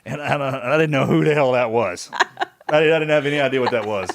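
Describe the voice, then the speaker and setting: A man's voice: mid-range voice, fairly quick, vocal fry. A man hosting a podcast, telling a story in casual chat, acting out other people's lines and tossing in "man". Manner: animated storyteller, acts out quotes, says "man" a lot. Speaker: podcast host.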